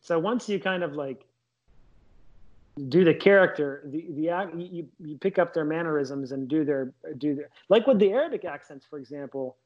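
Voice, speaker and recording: A man's voice: a little high, moderate pace, a little mellow. A man, a comedian, talking casually and enthusiastically in an interview. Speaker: comedian guest. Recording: dull lo-fi sound.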